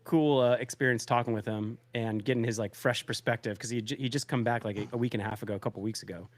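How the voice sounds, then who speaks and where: A man's voice: medium pitch, steady tone, fast talker, no room sound. Rambling male podcast co-host. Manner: rambling storyteller, quotes others, many fillers. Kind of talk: casual chat, retelling a friend's story.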